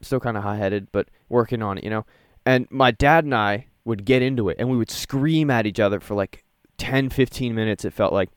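A young man chatting casually on a podcast, animated, and acting out his own reactions in a raised voice. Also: fairly low pitch, fairly quick, clear, resonant tone, no room sound, studio quality.

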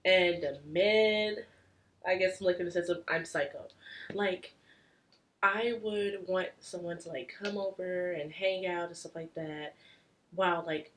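A young woman chats casually on a podcast, pitched slightly low for a woman. She tells her stories in a candid, crude way, full of fillers. It sounds loose and conversational. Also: fairly even intonation, unhurried, fairly bright tone, slight background noise, low-quality recording. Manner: candid and crude, heavy on "like", telling drinking stories. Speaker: podcast co-host. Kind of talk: casual chat.

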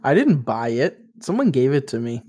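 A man's voice: medium pitch, very animated, normal speed, mellow. A man chatting casually with friends on a podcast, easygoing and brief. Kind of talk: casual chat among friends.

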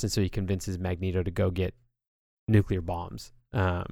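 A man's voice: sits low, flat delivery, moderate pace, creaky, mellow, no room sound, studio quality. A man hosting a podcast, chatting casually and loosely with lots of filler words. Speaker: podcast host.

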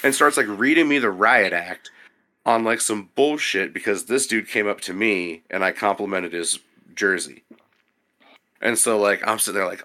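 A young man, a podcast guest, telling a story in a casual, animated and profane way. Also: fairly low pitch, moderate pace.

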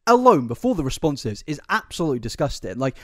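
A man's voice: on the high side, fast, dry recording, clean studio sound. A British man co-hosting a casual chat podcast, ranting and swearing freely as he reacts to the news. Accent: British English. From Great Britain. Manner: animated, swears a lot, ranting. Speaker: podcast co-host.

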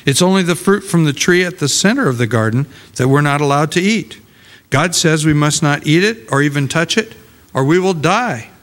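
A man's voice: a little high, lively intonation, normal speed, a bit bright, long reverb tail. A man reading the earnest replies of the woman in the garden from scripture.

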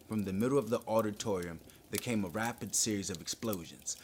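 Man reading a novel, low voice. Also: fairly quick, hardly any pauses, slight background noise. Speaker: podcast host reading a book. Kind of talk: audiobook-style narration.

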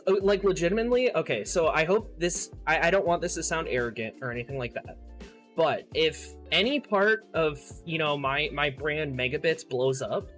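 A man's voice: on the high side, fairly bright tone. A young man chatting casually as a streamer and podcast host, laughing often, swearing and trailing off mid-sentence. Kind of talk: casual chat.

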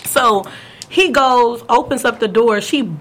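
Young woman host, slightly high voice, animated storyteller acting out every quote. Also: a little slow. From California. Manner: animated, acts out quotes with big pitch jumps. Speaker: podcast host. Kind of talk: casual storytelling chat.

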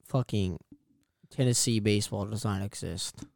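A man's voice: lowish voice, normal speed, vocal fry, a little mellow, no echo. A young man co-hosting a podcast who chats about sports in a brash, teasing way and swears freely. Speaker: podcast co-host. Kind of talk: casual sports chat. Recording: dry.

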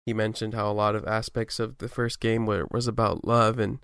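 Podcast co-host, male, smooth resonant voice, thoughtful casual analysis, dry sound. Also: lowish voice, flat delivery, a little fast, a bit bright, dry recording. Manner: thoughtful, hedging, many restarts.

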